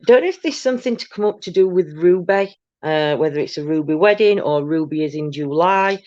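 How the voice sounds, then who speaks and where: A woman's voice: sits low, animated, brisk, a little mellow, no echo, dull audio. An older woman, tired, chatting casually on a live stream as a tarot reader, greeting viewers by name with many ums.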